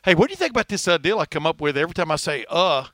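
A middle-aged man with a Texas twang hosting a casual sports podcast, talking fast with lots of uh fillers. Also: on the high side, very animated, a bit bright, no room sound. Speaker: podcast host.

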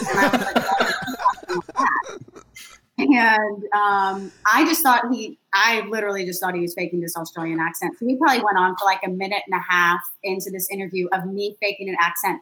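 A woman telling a lively, self-deprecating story in a casual podcast chat. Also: medium pitch, a little hiss or hum, poor audio. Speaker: sideline reporter guest.

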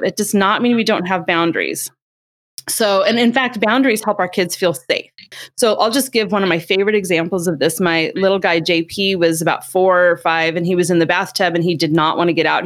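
Speaking briskly in a lowish register, a middle-aged woman offers parenting advice in a conversational tone. She tells her stories with animation, acting out each quote.

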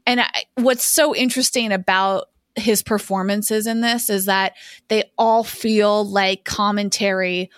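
A woman speaks at length in a measured, reflective way. Her voice sits at an ordinary pitch for a woman. The recording is dry and close, with no room echo. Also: fairly even intonation, clean tone. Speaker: podcast co-host. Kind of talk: casual conversation.

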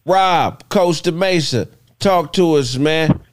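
A man's voice: a little high, takes it slowly. Laid-back male call-in show host. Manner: laid-back, laughing, slangy. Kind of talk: casual call-in show banter.

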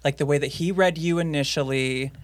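Woman interviewer, deep voice, dry close sound; casual and probing. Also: fairly quick, no room sound. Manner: asks long probing questions. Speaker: podcast host.

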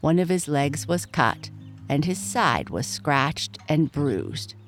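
Woman, low voice, slow, children's story narration, faint guitar behind. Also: big pitch swings. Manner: slow, gentle, addressing children.

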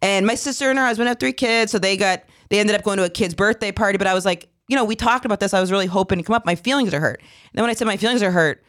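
A woman's voice: mid-range voice, rapid-fire, fairly bright tone. A woman hosting a podcast, chatting casually and telling personal stories with playful impressions. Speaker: podcast host.

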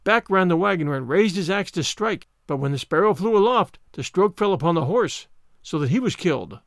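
Man reading fairy tales, lively and dry. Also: high-pitched, dry recording. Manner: measured, expressive storytelling. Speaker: storyteller.

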